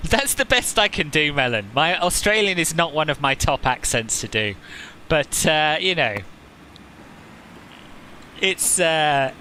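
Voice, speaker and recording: A man's voice: fairly high pitch, expressive, takes it slowly, pauses often, sharp tone, slight background noise, poor audio. A man chatting casually as he streams a flight simulator session, joking with viewers and often laughing at himself. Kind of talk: casual live-stream commentary.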